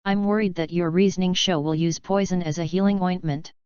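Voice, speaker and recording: A woman's voice: on the low side, fairly even intonation, fairly quick, darkish tone, clean tone, dry recording, close to an everyday voice. A woman voicing a cold, sarcastic male potions professor in a storybook reading. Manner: cold, sneering. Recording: dull lo-fi dry recording.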